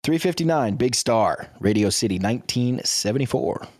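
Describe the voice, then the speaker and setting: A man's voice: medium pitch, animated, normal speed, a little mellow, slightly rough, no echo, clean studio sound. A man co-hosting a casual music podcast from home, making wry joking remarks. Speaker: podcast co-host. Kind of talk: casual chat. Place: home room by a window.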